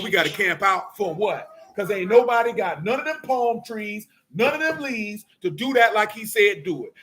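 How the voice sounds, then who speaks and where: A middle-aged man preaching a fiery sermon in street slang, scolding and sometimes shouting. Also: extremely high pitch, slight background noise.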